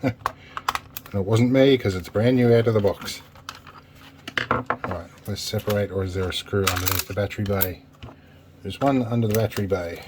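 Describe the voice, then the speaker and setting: An Australian man talks his way through a repair job at his workbench, chatty and a bit self-deprecating. His voice sits fairly low. A faint hiss of background noise runs under the recording. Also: moderate pace, long pauses. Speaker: repair video host. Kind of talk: casual workbench narration.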